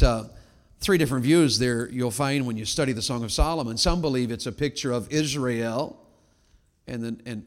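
A Baptist preacher delivering an animated sermon, swinging from loud exclamations to quiet, drawn-out words. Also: male voice, mid-range voice, big-room sound.

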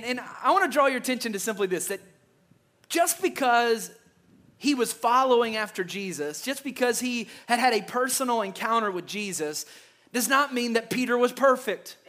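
Pastor guy preaching, high voice, keeps repeating words, emphatic. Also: fairly bright tone. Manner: emphatic, with frequent stammered repeats. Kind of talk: sermon.

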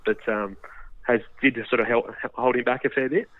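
A man's voice: medium pitch, fairly even intonation, moderate pace, no echo. A man, a guest football journalist, talking casually on radio with lots of hedging fillers and restarts. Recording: tinny phone line.

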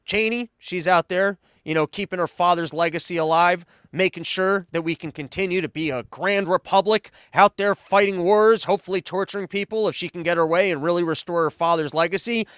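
A man's voice: high-pitched, fairly quick, hardly any pauses, fairly bright tone, clean tone, dry recording. A man hosting a podcast, giving rambling, mocking political commentary full of sarcastic asides. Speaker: podcast host.

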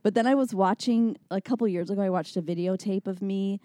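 Laughing woman from Texas, dark voice. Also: medium pitch, fairly quick, no room sound, clean studio sound. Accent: slight Texas. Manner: chatty, laughs often, animated storytelling. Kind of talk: casual chat.

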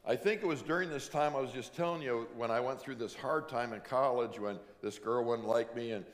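Preaching man in a long-reverb hall. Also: mid-range voice. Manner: emphatic preaching, slows down to stress points. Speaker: pastor. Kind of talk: sermon.

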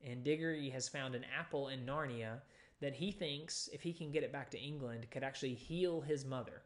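A man's voice: medium pitch, moderate pace. Man preaching a conversational sermon. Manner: conversational teaching with frequent fillers, reading scripture aloud. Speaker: pastor.

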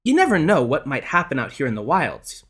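A man's voice: wildly swooping pitch, a little fast, fairly bright tone, breathy edge, exaggerated voice. A man putting on a coy young ghost lady. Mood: insistent. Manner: lilting, higher put-on woman's voice.

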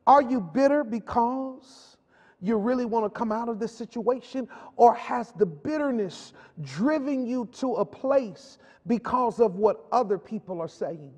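A man's voice: extremely high pitch, lively intonation, unhurried, darkish tone. A male pastor preaching a sermon with a repetitive, call-and-response delivery. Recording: long hall reverb.

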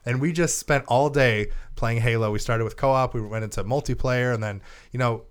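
A man's voice: mid-range voice, moderate pace, clean tone. A man co-hosting a gaming podcast in casual chat, rambling and laughing often as he tells stories. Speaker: podcast co-host.

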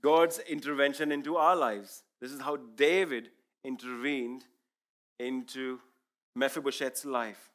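A man's voice: mid-range voice, fairly even intonation, measured pace, a bit bright. A man whose first language is Urdu, giving an earnest, emphatic sermon testimony as a preacher.

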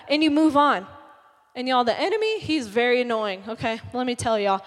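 A young woman giving a sermon as a youth speaker, talking in an animated, chatty, emphatic way. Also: sits high, moderate pace. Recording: long reverb of a large hall.

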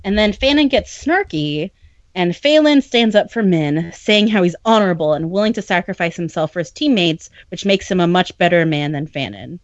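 A woman's voice: lowish voice, lively intonation, normal speed, no echo, lo-fi sound. Sarcastic chatty woman podcast host. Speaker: podcast host recapping a novel. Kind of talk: casual chat.

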